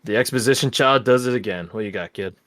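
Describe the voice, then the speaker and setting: A man's voice: on the low side, fast, a bit bright, natural voice. A man playing a blunt adult companion in a tabletop game, teasing in a dry, wry way. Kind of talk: tabletop game role-play.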